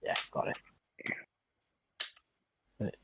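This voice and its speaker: A man playing a tabletop game who sounds hesitant, uses many fillers and rushes some phrases. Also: no echo, poor audio. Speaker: player. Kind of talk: casual tabletop play.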